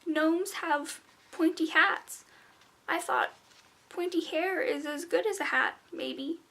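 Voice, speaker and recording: Woman doing a timid, squeaky young girl. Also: takes it slowly, sharp tone, full character voice.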